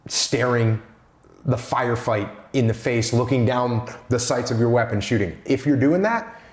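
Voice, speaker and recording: A man's voice: mid-range voice, moderate pace. A man talking through ideas on leadership in a casual podcast conversation, with an emphatic manner, hammering on key phrases. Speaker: leadership speaker. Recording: roomy echo.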